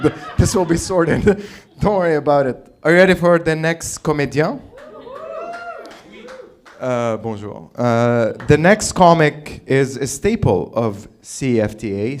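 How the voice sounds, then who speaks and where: A man's voice: medium pitch, lively intonation, unhurried. A man from the Middle East hosting an open mic, doing a brash, rambling stand-up set with swearing, in a small comedy venue on a stage mic. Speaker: comedy host.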